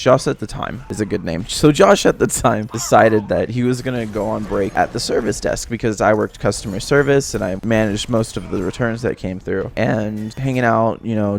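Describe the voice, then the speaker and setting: A young man with a gravelly voice telling a casual storytime vlog, animated and indignant. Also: mid-range voice. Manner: animated, rising to loud indignant retelling. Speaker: YouTuber.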